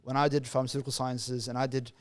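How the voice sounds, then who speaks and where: A man's voice: mid-range voice, little pitch movement. A man from Somalia, a youth worker talking earnestly as a podcast guest and leaning on repeated words and fillers. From Somalia, raised in Australia. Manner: fast, earnest, full of repeated words and "you know" fillers. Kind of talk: casual podcast interview.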